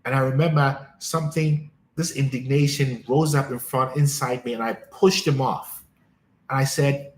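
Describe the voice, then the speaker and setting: A man's voice: mid-range voice, fairly even intonation, normal speed, echoey room. A man hosting a live coaching stream, talking emphatically to listeners and repeating his key phrases.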